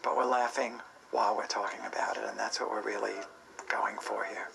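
A man's voice: fairly low pitch, level tone, a little fast, gravelly, a crowd in the background, poor audio. A man behind a stage musical, explaining its aims earnestly in a casual interview. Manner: earnest, warm about the show, laughs easily. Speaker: show creator.

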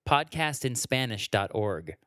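A man in casual conversation, cracking jokes with a lively, swinging delivery. His voice is smooth and resonant, recorded dry and close with no room sound. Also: medium pitch, a little slow, dry recording. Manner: joking, lively, mimics others. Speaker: comedian guest. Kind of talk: casual chat.

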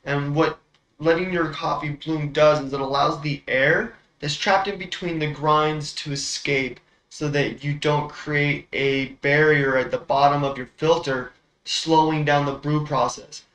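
A man hosts a coffee tasting, walking the viewer through brewing in a relaxed, explanatory way with plenty of fillers. His voice is a touch high and bright. The room around him sounds echoey. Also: measured pace. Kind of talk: casual instructional demo.

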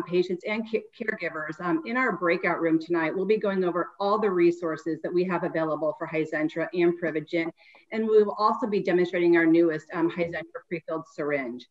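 A woman giving a short, friendly sponsor message as a company representative. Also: on the low side. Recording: dull lo-fi video call audio.

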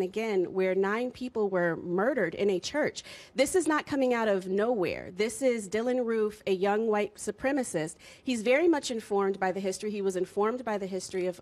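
A woman's voice: mid-range voice, a little mellow, dry recording. Impassioned woman on a dry studio mic. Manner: impassioned, articulate, building arguments point by point. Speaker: panel guest, activist. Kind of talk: panel discussion.

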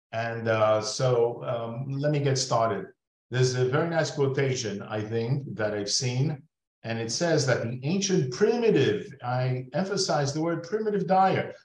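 Older man, chatty digressive lecture, video call, roomy echo. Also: medium pitch. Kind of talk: webinar lecture.

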